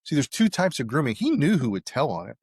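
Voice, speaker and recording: Animated man telling a story. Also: medium pitch, fast, breathy edge, no echo, clean studio sound. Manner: animated, acts out quoted dialogue. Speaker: interview guest. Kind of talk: casual storytelling.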